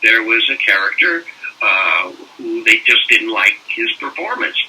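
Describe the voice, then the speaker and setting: An older man, a voice actor, telling animated anecdotes in a casual interview and slipping into mock French-accent bits. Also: fairly low pitch, unhurried, slightly rough. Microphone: phone call. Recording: distant phone-call audio.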